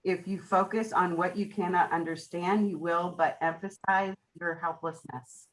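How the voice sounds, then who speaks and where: A woman hosting an online study group, gently encouraging members over a video call. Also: fairly low pitch, fairly even intonation, moderate pace, a little hiss or hum, low-quality recording. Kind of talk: leading an online discussion.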